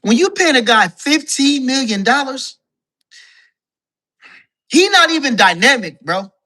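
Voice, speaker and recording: A man with a bright, forceful voice rants about boxing as a call-in guest. He swears freely and keeps repeating his points for emphasis. He sounds loose and heated. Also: extremely high pitch, very animated, a little slow. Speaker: guest caller, boxing commentator. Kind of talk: casual boxing talk rant.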